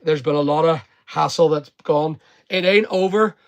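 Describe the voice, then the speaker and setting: A man's voice: fairly high pitch, normal speed, no echo. A middle-aged man rambling casually to his viewers in a vlog, jumping between topics and breaking off to greet people. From United Kingdom. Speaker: online seller and vlogger.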